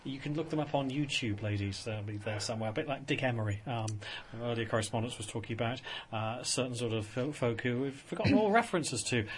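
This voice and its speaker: A man's voice: mid-range voice, fast talker, slight background noise. A man presenting a casual radio chat show in a studio, rambling with many fillers and restarts. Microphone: studio microphone.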